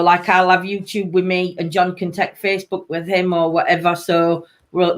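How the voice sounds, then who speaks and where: On a live stream, a host from Sheffield in Yorkshire, England, chats casually and reads out viewer comments, laughing a lot and letting sentences trail off. The voice is mid-range and a bit bright, with a Sheffield accent.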